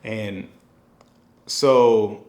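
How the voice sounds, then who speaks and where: A man's voice: on the low side, fairly even intonation, extremely slow, darkish tone. A man, a film director, thinking aloud in a casual, rambling monologue full of fillers and restarts. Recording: echoey room.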